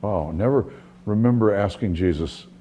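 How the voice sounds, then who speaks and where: A man's voice: on the low side, normal speed, warm tone, a little hiss or hum. A middle-aged man preaching a sermon as a pastor, telling stories conversationally and often restarting his sentences. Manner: conversational storytelling with frequent restarts.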